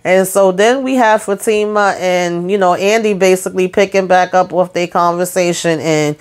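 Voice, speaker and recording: A woman's voice: lowish voice, normal speed. A woman recapping a TV drama episode in a casual, chatty way, full of slang and side remarks. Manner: chatty, lively retelling with slang and asides. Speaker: TV show recap host.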